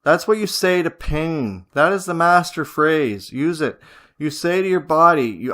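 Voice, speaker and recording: A man with a fairly high voice leads a spiritual visualization lesson. He speaks in slow, deliberate commands and repeats short phrases like a chant, in a steady, authoritative tone. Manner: slow, repetitive, chant-like incantations; commanding, measured instructions. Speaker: spiritual teacher. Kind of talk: guided visualization teaching.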